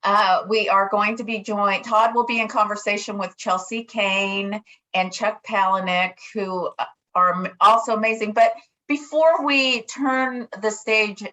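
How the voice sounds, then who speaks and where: A woman hosting a virtual book event over a video call, speaking haltingly with many fillers. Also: medium pitch, steady tone, sharp tone. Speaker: host. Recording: dull lo-fi video-call audio.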